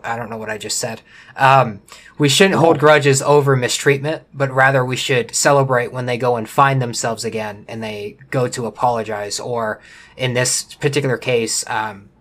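A man's voice: mid-range voice, steady tone, a bit bright. Hesitant man co-hosting a podcast. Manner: hesitant, halting, many ums. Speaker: podcast co-host. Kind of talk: casual podcast chat.

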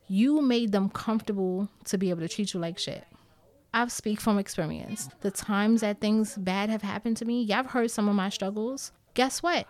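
A woman with a New York accent talking candidly to her viewers, blunt and emphatic, with plenty of swearing. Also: a little high. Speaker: vlogger. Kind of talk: candid storytime talk to viewers.

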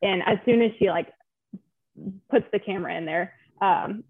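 A woman's voice: mid-range voice, moderate pace, no room sound. A young woman in a casual interview, telling her story in a chatty, emotional way with lots of fillers. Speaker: guest. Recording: tinny phone-like line.

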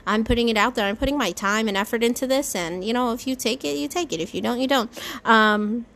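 A woman's voice: on the high side, fast, vocal fry, a bit bright. A woman hosting her own podcast in a casual solo monologue. She rambles, swears freely, and talks herself through restarts. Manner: rambling, swears freely, lots of fillers and self-talk. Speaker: podcast host.

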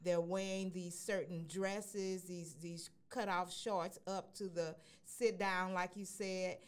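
A woman's voice: lowish voice, fairly even intonation, slow, clear, resonant tone. A woman speaking earnestly in casual radio chat, sharing a personal story with hesitant fillers.

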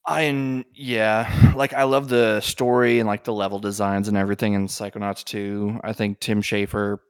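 Guy with a smooth low voice on a gaming podcast, thoughtful takes, dry sound. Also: flat delivery, normal speed, no echo. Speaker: podcast co-host. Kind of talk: casual gaming podcast chat.

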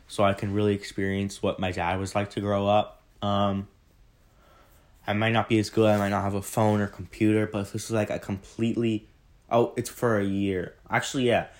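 A man's voice: fairly low pitch, flat delivery, normal speed. A young man in his late teens answering questions in a casual vlog, rambling and correcting himself, recorded on a phone. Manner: rambling, self-correcting, chatty.

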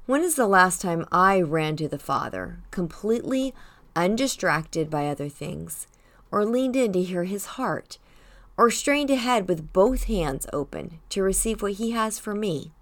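An older woman hosts a weekly devotional talk. She tells a family story in a gentle, reflective way and speaks at a middle pitch. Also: animated, measured pace. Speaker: devotional host.

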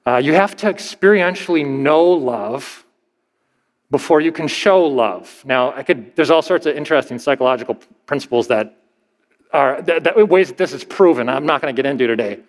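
A man preaches from the pulpit in a conversational, emphatic way, backing up and restarting his phrases as he drives each point home. His voice sits a little high for a man, and a long reverb from the hall trails after every line. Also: expressive, moderate pace. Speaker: pastor. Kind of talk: sermon.

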